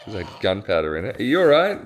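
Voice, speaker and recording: A woman's voice: very deep voice, very animated, racing, a little hiss or hum. A young mother, chatty and laughing often, cooing at her baby in a casual family vlog.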